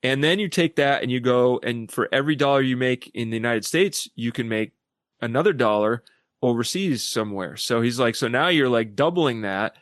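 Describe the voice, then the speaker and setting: A man who is a podcast guest, telling stories animatedly and acting out quoted people in lively voices. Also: medium pitch, normal speed, no echo, clean studio sound. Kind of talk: casual discussion.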